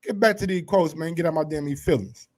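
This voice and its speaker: A man hosting a casual sports commentary show, brash and profane, swinging from low asides to loud heated rants. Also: brisk.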